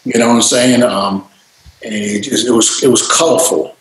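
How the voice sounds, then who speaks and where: A man telling stories in a casual interview, animated and freely swearing, acting out voices. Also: medium pitch, normal speed, heavy reverb, poor audio. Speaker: interview guest, DJ and producer.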